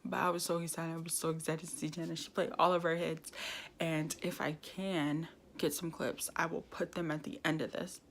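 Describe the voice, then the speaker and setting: A young woman vlogger telling a lively personal story, laughing often and acting out what people said. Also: deep voice, moderate pace, a little hiss or hum. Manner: animated storytelling, laughs often, acts out quoted dialogue. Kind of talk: casual storytime vlog.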